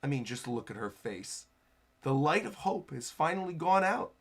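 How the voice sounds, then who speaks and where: A man voicing a cruel, sneering male noble villain in a low, menacing read-aloud voice. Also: big pitch swings, normal speed, husky, exaggerated voice.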